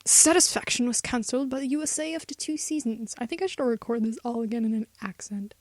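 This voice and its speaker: A teenage girl hosts a student radio show, stumbling through a script written in mock Shakespearean English while laughing and whispering asides. Her voice is fairly high and fast, with heavy background noise.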